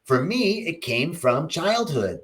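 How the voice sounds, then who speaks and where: On a livestream, a man gives a spiritual talk and answers viewer comments, speaking slowly in a fairly high voice. His reflective, animated storytelling swings widely in tone.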